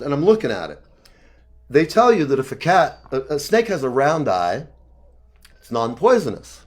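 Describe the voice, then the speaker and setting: A man in his fifties telling rambling personal stories in casual chat, animated and profane, often laughing. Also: fairly high pitch, moderate pace. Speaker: talk show guest.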